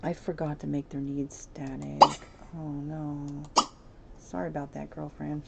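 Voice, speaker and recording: Low-voiced, unhurried woman gaming streamer. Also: vocal fry. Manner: chatty, talks to viewers, giggles often. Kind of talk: casual gameplay commentary. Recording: steady background noise.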